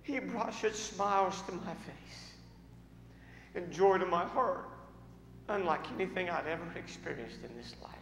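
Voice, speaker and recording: A man voicing a gruff, volatile middle-aged man who swings from shouting to hushed grief, heard in an echoey church hall. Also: high-pitched, lively intonation, a little slow, slight background noise, voice pushed up, full character voice. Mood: grieving. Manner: shouting in anger, then hushed and broken.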